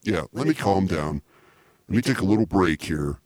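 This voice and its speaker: A man with a very deep, husky voice hosts a comedy podcast. He rambles excitedly and keeps restarting his sentences. The sound is dry and close. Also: normal speed, no room sound. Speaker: podcast host.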